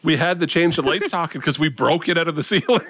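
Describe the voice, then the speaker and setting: A man's voice: on the high side, fairly quick, a bit bright, breathy edge, dry recording. A man co-hosting a podcast, making offhand, chuckling remarks in casual chat. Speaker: podcast co-host.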